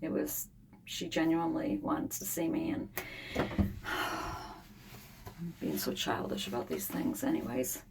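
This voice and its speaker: A woman in her fifties, unwell and frustrated, talking in a rambling, weary way with many pauses in a casual diary vlog from a home sauna. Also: low-pitched, gravelly, background noise. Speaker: vlogger.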